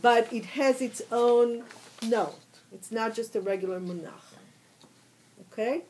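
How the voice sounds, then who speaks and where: Slow, patient woman teaching a class. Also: a little high, darkish tone, a little hiss or hum, low-quality recording. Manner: patient, explains step by step. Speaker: trope teacher.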